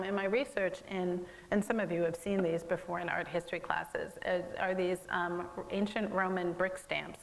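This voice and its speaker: A woman's voice: lowish voice, gravelly, big-room sound, rough recording. A woman artist giving a conversational gallery talk about her work, explaining at an easy pace with frequent fillers. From American. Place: museum gallery.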